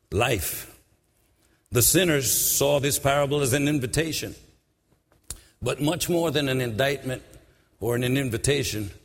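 A man's voice: medium pitch, big-room sound. A man preaching a sermon, retelling a parable and rising into fervent, sing-song appeals.

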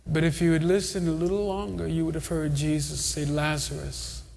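A man's voice: on the high side, fairly even intonation, a little fast, creaky, mellow. A man preaching a sermon to a congregation, with an impassioned, repetitive cadence. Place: church hall. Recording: long hall reverb.

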